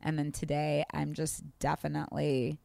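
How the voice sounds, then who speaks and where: A woman's voice: deep voice, level tone, normal speed, vocal fry, dark tone, no echo. A young woman co-hosting a casual chat, musing on spiritual ideas and joking playfully. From Kansas. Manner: reflective, spiritual talk with playful jokes. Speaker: podcast co-host.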